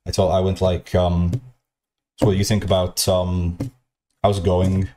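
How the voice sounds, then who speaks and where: A man's voice: low voice, monotone, normal speed, noisy background. A man telling a long, rambling anecdote, repeating himself and swearing, often acting out what others said. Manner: repetitive, profane, restarts often, mimics others.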